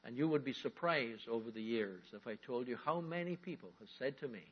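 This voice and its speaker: A man preaching a sermon as a pastor, emphatic, drawing out key words and rising into animated bursts. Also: mid-range voice, fairly quick, hardly any pauses, husky. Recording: dull lo-fi recording.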